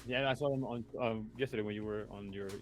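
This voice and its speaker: A man's voice: on the low side, fairly even intonation, fast talker, soft background music. A man co-hosting a live stream in casual chat, laid-back and rambling, with lots of "like".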